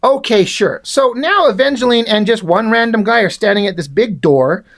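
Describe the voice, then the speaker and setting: A man reading through a comic book aloud and mocking it with sarcastic, deadpan asides and swearing. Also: high voice, normal speed, gravelly. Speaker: comic reviewer. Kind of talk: sarcastic comic read-along review.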